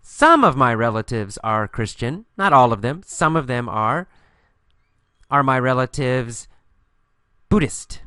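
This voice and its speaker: A man's voice: mid-range voice, sing-song, sharp tone, clear, resonant tone, dry recording. Patient man teaching English, dry mic. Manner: slow, patient, repeats key phrases and answers his own questions. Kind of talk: English listening lesson with questions and answers.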